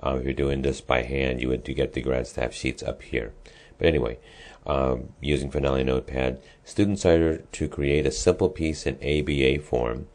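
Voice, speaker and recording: A man's voice: very deep voice, fairly even intonation, normal speed, hardly any pauses, darkish tone. A man, a music teacher, explaining an assignment in a casual, step-by-step way with frequent ums and restarts. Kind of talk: screen-recorded lesson walkthrough.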